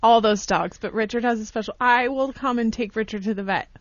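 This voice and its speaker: A woman's voice: fairly high pitch, a little fast, highs cut off. Sympathetic woman reacting in chat. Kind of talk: casual chat.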